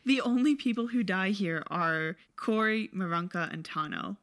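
A woman's voice: medium pitch, lively intonation, normal speed, fairly bright tone. Dry-witted woman co-hosting a movie podcast. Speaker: podcast co-host. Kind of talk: casual movie review chat.

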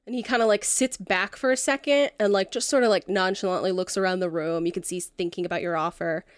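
A woman's voice: medium pitch, steady tone, quick pace, clear, resonant tone, dry recording, clean studio sound. A woman narrating as game master in a casual, loose tabletop session. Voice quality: casual, filler-heavy narration.

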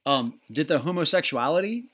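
A man with a slightly raised pitch hosting a loose podcast chat. He banters, laughs easily and swears in passing. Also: expressive, fairly quick, a bit bright, breathy edge. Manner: laughing, profane, joking banter. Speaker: podcast host.

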